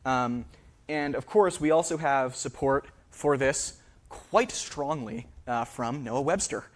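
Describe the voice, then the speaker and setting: A man's voice: mid-range voice, slow pace. A man giving a public lecture in a theater, hesitant and full of fillers, often checking in with the audience. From New England. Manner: hesitant, many fillers, frequent "right?" checks.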